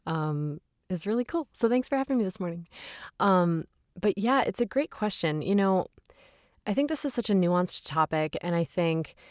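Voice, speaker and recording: A woman's voice: fairly low pitch, no echo, clean studio sound. A woman voice actor, a podcast guest, answering earnestly and reflectively, with frequent "um" fillers.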